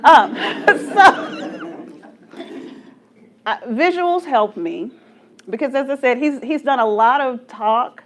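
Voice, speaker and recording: Woman in her forties, group leader, fairly high voice with a lot of swing, laughs often and pokes fun at herself. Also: takes it slowly, pauses often. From Texas, USA. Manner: animated, laughs often, self-mocking humor. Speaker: church study group leader. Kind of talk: storytelling talk to a group.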